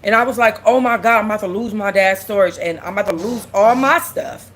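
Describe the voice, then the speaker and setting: A woman's voice: mid-range voice, fairly quick, a bit bright, slight background noise. A young woman, host of a casual livestream, speaking candidly and close to tears. She repeats herself and reads out and answers viewers' comments. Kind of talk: emotional casual livestream talk.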